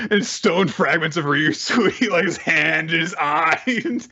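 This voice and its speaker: A man's voice: on the high side, measured pace, creaky. Man doing a lo-fi casual recap. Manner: animated, acts out character lines. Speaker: podcast co-host. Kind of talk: casual manga chapter recap. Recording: dull lo-fi audio.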